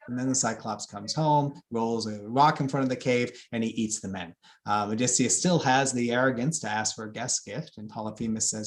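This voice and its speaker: Man, scholar, explanatory lecture, thoughtful, ums and restarts, mid pitch. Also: moderate pace. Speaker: classics scholar giving a talk.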